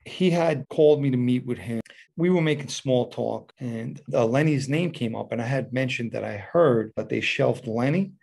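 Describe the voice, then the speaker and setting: Gravelly New man telling a story. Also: mid-range voice, normal speed, a little mellow. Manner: gravelly, matter-of-fact street talk. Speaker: former mob associate telling a story. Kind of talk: casual first-person storytelling.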